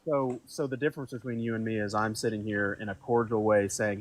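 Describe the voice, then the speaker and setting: A man's voice: lowish voice, steady tone, fairly quick, few pauses, rough recording. Insistent man arguing in circles. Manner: repetitive, insistent, religious appeals. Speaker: caller debating on a livestream. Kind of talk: heated debate.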